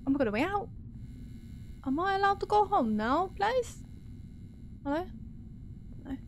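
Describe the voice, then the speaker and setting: Woman streamer, horror playthrough; animated, unhurried, yelps at scares. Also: extremely high pitch, a little hiss or hum. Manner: jumpy, talks to herself, swears and screams at scares. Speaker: gaming streamer. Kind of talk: horror game playthrough commentary.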